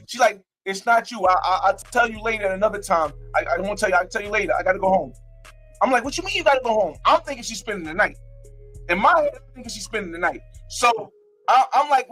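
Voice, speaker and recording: A man's voice: sits high, fairly bright tone. A young man from North New Jersey, a live streamer telling a story in a brash, casual way, repeating himself and acting out his own quotes.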